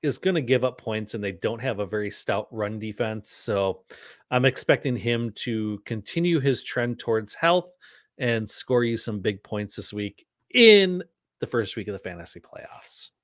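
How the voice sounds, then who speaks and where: A man's voice: fairly low pitch, animated, unhurried, no room sound, studio quality. A man co-hosting a casual podcast, easygoing and running the segments with plenty of fillers. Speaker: podcast co-host.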